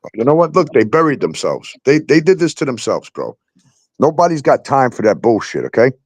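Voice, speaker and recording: A man's voice: mid-range voice, big pitch swings, fairly quick, a little mellow, husky, no echo. A man hosting a talk show, ranting heatedly and swearing constantly about landlords and the police. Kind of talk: angry profane rant.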